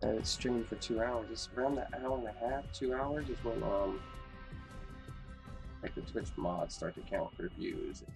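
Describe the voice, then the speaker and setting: A man's voice: on the low side, moderate pace, vocal fry, over music. A man streaming live who chats casually and reacts to his friend's story with short laid-back replies.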